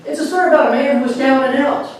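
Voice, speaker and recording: A woman telling humorous stories in a lively way, recorded from far off in an echoey room with faint noise. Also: sits high, very fast. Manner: lively, chuckles at her own punchlines. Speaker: storyteller.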